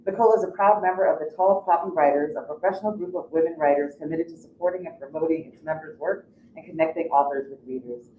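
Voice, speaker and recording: A woman moderator in a bookstore reading a guest's bio aloud and adding quick asides. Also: low voice, narrow, tinny audio, a little hiss or hum. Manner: reads bios, ad-libs asides. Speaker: event moderator. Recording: distant voice in an echoey bookstore.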